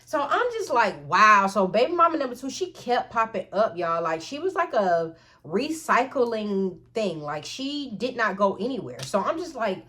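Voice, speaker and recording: A woman vlogger telling a storytime tale in an animated, profane way, often calling out to her viewers. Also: on the high side, normal speed. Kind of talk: storytime vlog.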